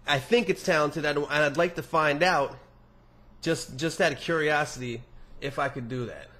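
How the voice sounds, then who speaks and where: A man's voice: a little high, moderate pace, sharp tone. A young man hosting a podcast, reading listener emails aloud and answering them in a rambling, profane, casual monologue with many restarts.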